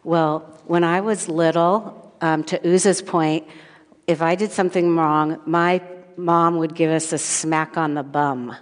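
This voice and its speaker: Lowish-voiced woman leading a children's sermon. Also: steady tone, unhurried, long reverb tail. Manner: asks children questions, playful storytelling.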